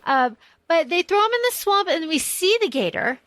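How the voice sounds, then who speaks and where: A woman's voice: extremely high pitch, animated, normal speed, fairly bright tone, no room sound. A woman co-hosting a podcast, rambling enthusiastically about a movie and swearing freely. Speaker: podcast co-host. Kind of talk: casual film discussion.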